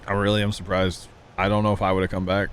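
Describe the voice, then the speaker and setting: He talks fast in a low voice with a completely flat delivery, and there's slight background noise. The man is casually chatting with viewers while streaming a farming game, wandering through folksy stories and asides.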